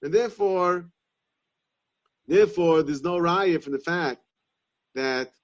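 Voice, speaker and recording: A man giving a Talmudic lesson, reasoning aloud in halting, repeated phrases. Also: a little high. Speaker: Torah class teacher. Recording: dull lo-fi sound.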